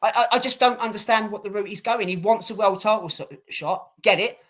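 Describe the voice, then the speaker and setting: Fast-talking ranting man. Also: sits high, fairly bright tone. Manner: ranting, swearing, rapid-fire repetition. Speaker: podcast co-host. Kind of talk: casual boxing chat.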